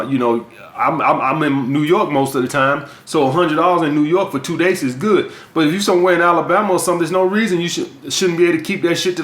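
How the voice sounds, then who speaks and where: A man's voice: on the high side, a bit bright. A man from the US South with a Southern accent, giving blunt, profane dating and sales advice as a coach in a vlog monologue. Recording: echoey room.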